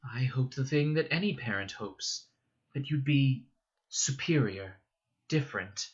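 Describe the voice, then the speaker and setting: A man reading aloud voices a calm, gentle noblewoman mother who speaks softly and soothingly in her grief. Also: medium pitch, unhurried, highs cut off, lightly acted. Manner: soft, soothing.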